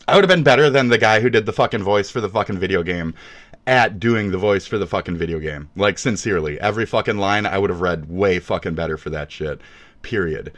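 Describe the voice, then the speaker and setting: A man hosting a livestream, ranting with lots of cursing, swinging between yelling and muttering. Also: deep voice, quick pace. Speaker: livestream host.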